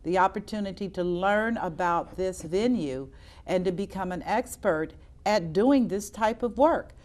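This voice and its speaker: A woman's voice: mid-range voice, unhurried, darkish tone. An older woman hosting a local talk show, earnest and encouraging, repeating points for emphasis. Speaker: host. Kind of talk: public-access talk show.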